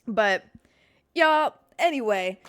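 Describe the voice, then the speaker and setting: Animated, swearing young woman podcaster with a dry sound. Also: on the high side, slow, smooth, dry recording, faint music behind. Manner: animated and expressive, heavy swearing, frequent "like" fillers. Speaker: podcast host. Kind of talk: casual solo podcast chat. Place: at home, in a room with a couch.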